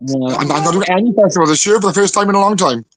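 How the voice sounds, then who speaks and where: A Welsh man with a voice sitting a little high chats casually on a podcast. He teases his co-hosts and keeps the banter going over a video call. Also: animated, very fast, crowd noise. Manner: joking, teasing banter. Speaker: podcast co-host. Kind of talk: casual chat.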